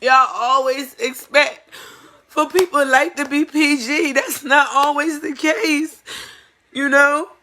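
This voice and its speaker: A woman's voice: high-pitched, fairly even intonation, takes it slowly, pushed and bright, a little hiss or hum. A woman giving an emotional personal testimony as a mother, earnest and pleading, repeating phrases for emphasis.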